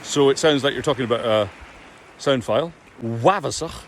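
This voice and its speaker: A man's voice: medium pitch, a little fast, slight background noise. A man teaching pronunciation, drawing out vowel sounds to demonstrate them. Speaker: Gaelic speech coach. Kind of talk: pronunciation lesson to camera.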